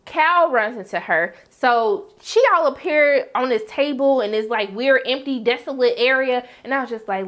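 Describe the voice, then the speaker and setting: A woman reviewing a TV episode in a casual recap, telling it with animated, dramatic reactions and slangy talk. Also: fairly high pitch, moderate pace, hardly any pauses. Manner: slangy, conversational. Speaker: TV series reviewer.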